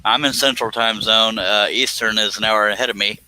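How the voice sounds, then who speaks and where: A man's voice: on the low side, steady tone, a little fast, pushed and bright, dry recording, low-quality recording. A man hosting a casual live stream while he works, rambling and joking in a folksy way. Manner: rambling, folksy, jokey, exclaims "by God". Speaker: livestream host, scroll saw pattern designer.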